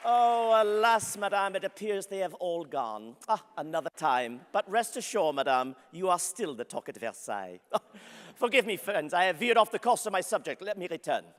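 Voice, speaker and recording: A man's voice: high voice, big pitch swings, moderate pace, a faint crowd. A man playing an ardent, flamboyant young French nobleman, telling his story grandly to the audience and laughing often. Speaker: historical character interpreter. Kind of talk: theatrical first-person historical storytelling. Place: large convention hall before an audience. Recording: long reverb of a large hall.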